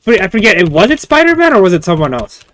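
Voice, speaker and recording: A man's voice: high voice, sing-song, quick pace, fairly bright tone, no echo. A man in casual chat, rambling hesitantly with many "like"s as he tries to recall something.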